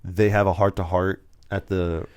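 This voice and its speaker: A man's voice: sits low, flat delivery, normal speed, a little mellow, clean tone. A young man co-hosting a casual movie review podcast, rambling through scenes and acting out lines in little voices. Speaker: podcast co-host.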